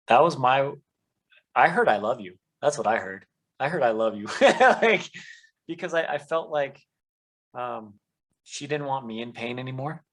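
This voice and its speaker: A man's voice: mid-range voice, fairly bright tone, poor audio. A man earnestly telling his life story as a podcast guest, with many "um"s and "you know"s. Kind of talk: conversational testimony.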